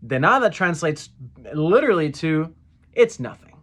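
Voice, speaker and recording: A man with a slightly raised pitch walks through a casual language lesson. He repeats each phrase slowly, stumbles, and corrects himself with easy fillers. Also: big pitch swings, fairly bright tone. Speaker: Spanish phrase teacher.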